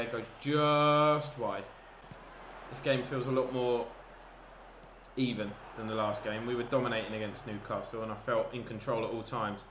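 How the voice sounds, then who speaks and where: An excitable man talks through his football video game match at a middle pitch, narrating every pass and yelping when a chance comes. His voice rings around an echoey room with steady noise behind it. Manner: excitable, bursts into shouts at chances. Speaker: gaming commentator. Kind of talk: live football game commentary.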